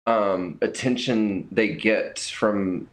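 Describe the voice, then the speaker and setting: A man as a guest on a casual livestream, speaking earnestly and haltingly. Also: lowish voice, rough recording. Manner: earnest, halting, many fillers.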